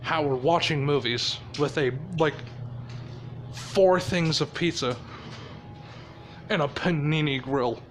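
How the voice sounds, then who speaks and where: A man's voice: a little high, slow, long pauses, faint music behind. A man telling a made-up story casually, rambling and swearing, often laughing at his own ideas.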